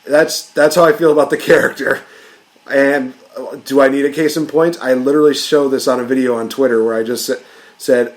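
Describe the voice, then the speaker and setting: A man's voice: medium pitch, steady tone, brisk, low-quality recording. A man hosting a podcast, ranting in a casual, jokey way. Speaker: podcast host.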